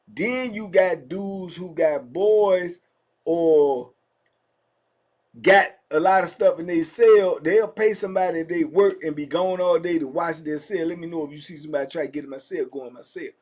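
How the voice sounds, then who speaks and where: A middle-aged man spins a prison story in loose, slangy talk, calling out to his listeners as he goes. His voice sits noticeably high for a man. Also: normal speed. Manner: animated, slangy, addresses listeners directly. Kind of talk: casual storytelling.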